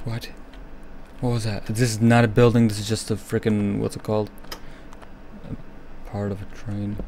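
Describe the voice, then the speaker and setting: A young man with a lowish voice talks through a horror game as he plays, jumpy and nervous, often sinking into a whisper. A faint ambient hum sits behind him. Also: completely flat delivery, moderate pace, pauses often, a little mellow. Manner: jumpy, nervous running commentary. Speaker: gaming streamer.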